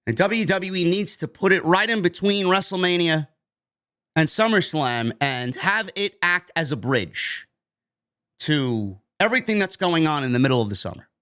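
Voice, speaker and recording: A man's voice: on the high side, expressive, normal speed, fairly bright tone. A man hosting a wrestling news podcast, delivering an emphatic, opinionated rant and swearing freely.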